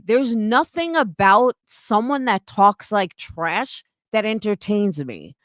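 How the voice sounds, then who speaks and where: A woman's voice: mid-range voice, fairly bright tone, no echo, clean studio sound. A woman in her thirties ranting on a live stream, blunt, indignant and heavy on swearing. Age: 30s. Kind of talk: heated live-stream rant.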